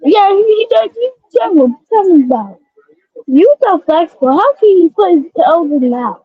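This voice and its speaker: A woman streamer chatting casually to a baby, cooing and halting, repeating her words. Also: very high-pitched, very animated, no room sound. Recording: tinny phone-like dry sound.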